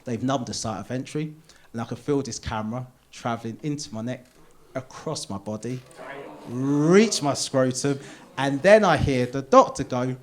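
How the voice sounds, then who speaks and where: A man's voice: mid-range voice, normal speed. A man in his thirties doing a stand-up comedy routine on a theatre stage, telling a personal story and acting out the people in it. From England. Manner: animated storytelling, acts out doctor and himself in quotes. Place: theatre stage before a live audience.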